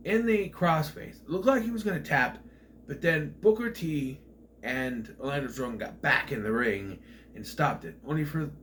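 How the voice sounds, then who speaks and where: A young man casually recapping and reviewing an old wrestling event, rambling and bursting into loud acted-out quotes. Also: fairly high pitch, a little hiss or hum.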